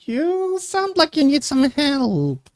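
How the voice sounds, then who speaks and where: A man voicing a tiny, nasty-looking female pixie who talks in a squeaky, buzzing voice. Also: huge pitch swings, slow, dry recording, studio quality, heavily acted. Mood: coaxing.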